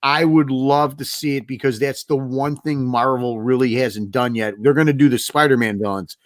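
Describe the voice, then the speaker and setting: A man's voice: medium pitch, normal speed, no echo, clean studio sound. Rambling man co-hosting a livestream. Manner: relaxed, rambling, repeats words. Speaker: co-host. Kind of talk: casual livestream chat.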